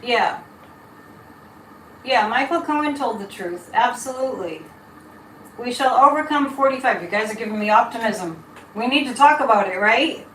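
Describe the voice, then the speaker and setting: A woman's voice: fairly high pitch, lively intonation, moderate pace, pauses often, a bit bright, slight background noise. A middle-aged woman, hosting a casual live tarot reading and chatting over viewer comments as she digresses. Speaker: psychic livestream host. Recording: roomy echo.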